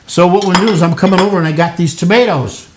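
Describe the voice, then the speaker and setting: An older man with a notably high voice hosts a relaxed home cooking show. He coaxes and cheers on children as they work, in a playful, encouraging way. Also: fast, background noise. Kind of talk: casual cooking demonstration with kids.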